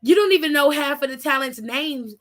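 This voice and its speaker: A woman's voice: high voice, animated, fairly quick, fairly bright tone. A woman co-hosting a casual wrestling aftershow, sassy and profane, firing off teasing rhetorical questions. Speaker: co-host.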